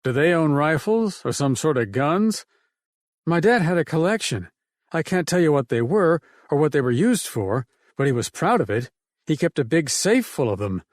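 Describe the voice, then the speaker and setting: A man's voice: on the high side, very animated, moderate pace, no room sound, studio quality, pitched above the performer's own voice. A man voicing a bold, playful woman who teases her companion in an audiobook. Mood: curious. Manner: playful and teasing. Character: adult woman, teasing, bold, caring. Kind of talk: audiobook narration.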